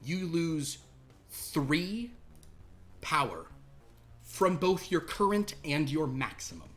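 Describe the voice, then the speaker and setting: A man's voice: a little high, sing-song, takes it slowly, soft background music. A man narrating as game master of a tabletop horror game, talking loosely with many fillers. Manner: loose and rambling, full of fillers.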